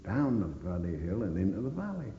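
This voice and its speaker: Older man, blunt swearing storyteller, lively rising and falling voice, long room reverb. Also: low voice, brisk. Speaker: veteran interviewee. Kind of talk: oral history recollection. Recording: dull echoey recording in reverberant room.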